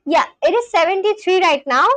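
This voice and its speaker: Woman, high voice, dry sound, loose streaming chat with lots of restarts. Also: fairly quick, fairly bright tone, dry recording. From India. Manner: thinks aloud, answers chat questions, repeats practice phrases with many restarts. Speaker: livestreamer learning a language. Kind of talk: casual live-stream chat.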